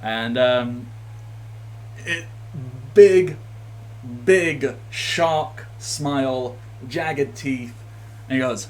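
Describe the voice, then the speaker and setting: A man's voice: mid-range voice, very slow, pauses often, a little mellow. A man narrating as game master of a tabletop game, rambling with many fillers and restarts.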